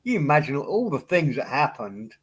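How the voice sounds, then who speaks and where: Dry understated guy, voice a touch high, casual chat. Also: sing-song, moderate pace, slightly rough. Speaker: podcast co-host.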